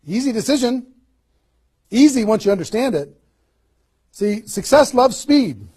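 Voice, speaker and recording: A man giving an energetic motivational seminar talk as a network marketing trainer, firing rhetorical questions at his audience. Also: extremely high pitch, a little slow, breathy edge.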